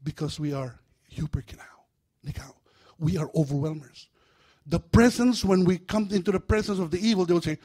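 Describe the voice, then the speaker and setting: A man preaching a sermon in a church, animated and humorous, breaking into acted-out voices. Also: a little high, fairly quick. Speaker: pastor.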